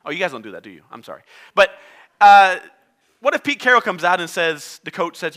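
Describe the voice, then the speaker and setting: A man's voice: sits high, sing-song, brisk, fairly bright tone. A man preaching a sermon, a native Spanish speaker who acts out voices and quotes as he talks. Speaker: pastor.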